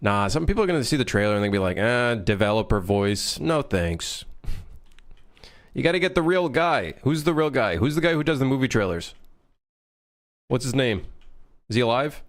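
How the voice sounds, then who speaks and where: A man developing a game on a live stream, chatting casually, joking and swearing as he thinks out loud. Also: mid-range voice, very animated, fast. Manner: rambling, jokey, swears freely, thinks out loud.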